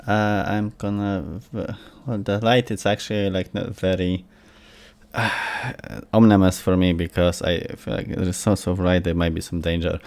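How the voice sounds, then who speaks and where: A man's voice: low-pitched, level tone, moderate pace, a little mellow, clean tone. A man playing a tabletop game, hesitant and searching for words. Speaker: player.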